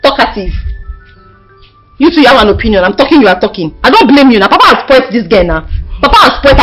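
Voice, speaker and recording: A woman's voice: a little high, big pitch swings, fast talker, fairly bright tone, faint music behind, low-quality recording. A woman acting in a family drama, talking emotionally, pleading and scolding by turns. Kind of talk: Nigerian village skit acting.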